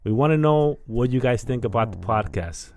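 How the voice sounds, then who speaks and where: A man's voice: medium pitch, animated, normal speed, a little mellow, a little hiss or hum. A young man co-hosting a podcast in loose, rambling casual chat, often repeating himself. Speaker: podcast co-host.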